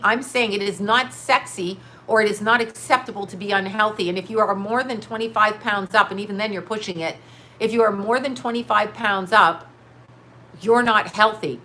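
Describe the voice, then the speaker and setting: Middle-aged woman ranting on a livestream, blunt and sweary, mid-pitched voice, faint hiss behind her. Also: sharp tone. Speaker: livestream host reading chat comments. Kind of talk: casual livestream rant. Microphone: webcam or phone mic.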